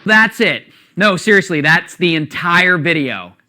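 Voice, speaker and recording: A man hosting a comedy video review show, joking in an energetic, animated way. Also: high-pitched, measured pace. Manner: animated, jokey, shifts voices.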